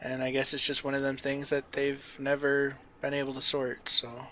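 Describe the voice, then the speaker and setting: Chatty bright-voiced male game streamer. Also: medium pitch, completely flat delivery, normal speed, slight background noise. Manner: upbeat and chatty, with loud showman greetings. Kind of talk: casual gameplay chat.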